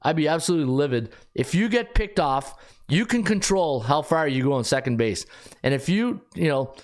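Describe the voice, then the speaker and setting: A middle-aged man hosting a sports betting podcast, talking casually in an animated, rambling way with frequent restarts. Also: fairly high pitch, normal speed. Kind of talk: casual live-stream talk.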